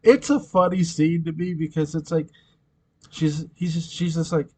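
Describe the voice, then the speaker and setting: This man's voice is a little high yet dark and slightly rough, level in tone at a normal speed. Recapping a TV episode in casual chat, the fan commentator rambles, giggles a lot and fixes his own mistakes as he goes.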